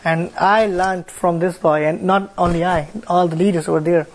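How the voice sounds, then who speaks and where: A young man with an Indian accent, leading a church fellowship, shares a testimony in halting speech, repeating words and filling with "like" and "you know". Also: high voice, steady tone, low-quality recording. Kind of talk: sharing a testimony with a congregation.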